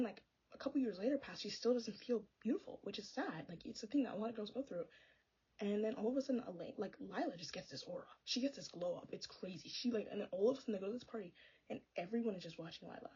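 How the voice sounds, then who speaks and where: Brief: young woman book vlogger, husky, rapid-fire, sassy and exasperated, slightly dull lo-fi sound. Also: medium pitch, animated, dark tone. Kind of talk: casual chatty book review.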